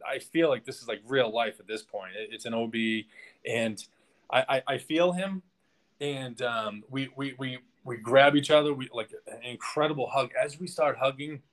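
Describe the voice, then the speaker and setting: A man speaking as a podcast guest, rambling through a personal story with lots of restarts and filler words. His pitch sits in the middle of the male range, and his talk stays loose and conversational. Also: moderate pace.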